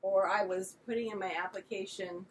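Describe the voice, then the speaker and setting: A woman's voice: mid-range voice, steady tone, fairly quick. An older woman co-hosting a casual chat, telling rambling, self-deprecating family stories. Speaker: podcast co-host. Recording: distant mic with faint background noise.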